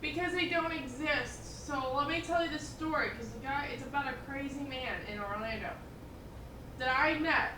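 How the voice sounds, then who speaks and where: High-voiced woman telling animated stories. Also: moderate pace, reverberant, background noise. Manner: animated storytelling with many fillers and quoted voices. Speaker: storyteller in casual chat. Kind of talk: casual chat.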